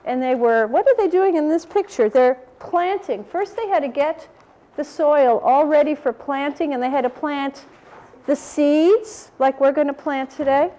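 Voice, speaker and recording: High-voiced woman reading to children. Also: a little slow. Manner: animated, asks the children questions. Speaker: storyteller. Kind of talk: reading a picture book aloud to children.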